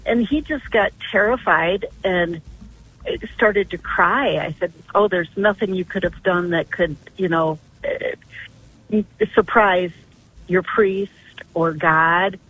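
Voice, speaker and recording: A woman's voice: fairly low pitch, slow, fairly bright tone, slightly rough, no room sound. An older woman calling in to a radio show, telling a long story in an earnest, rambling way. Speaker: caller. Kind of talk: phone-in radio call. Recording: tinny phone line.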